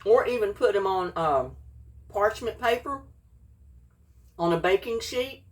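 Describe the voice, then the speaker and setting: A woman's voice: medium pitch, lively intonation, unhurried, recorded from a distance. A woman, chatting folksily in a home cooking vlog and tasting her food as she talks. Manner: folksy, chatty, eats while talking.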